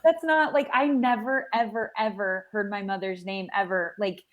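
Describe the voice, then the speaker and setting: A woman's voice: mid-range voice, fairly even intonation, moderate pace, highs cut off. A woman hosting a casual panel chat, emotional and effusive in her reactions. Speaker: host.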